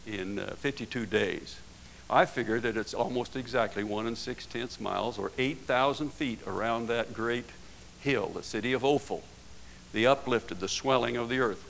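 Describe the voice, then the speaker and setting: A man's voice: mid-range voice, creaky, a bit bright, slight background noise, rough recording. A man preaching a sermon in a folksy way, often ending his points with tag questions and rising into emphatic bursts.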